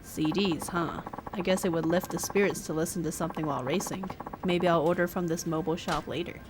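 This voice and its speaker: A woman voicing a gruff grown man. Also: on the low side, steady tone, brisk, music in the background, voice pushed down, close to an everyday voice. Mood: matter-of-fact.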